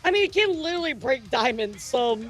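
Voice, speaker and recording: A woman streamer chatting casually as she reacts to a video, excitable and quick with laughs and asides. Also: high voice.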